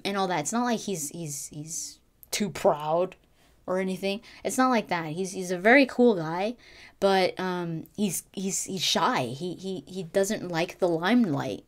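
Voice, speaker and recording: A woman talking casually as a gaming vlogger, gushing and excitable, with frequent restarts and fillers. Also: on the low side. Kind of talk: casual fan commentary.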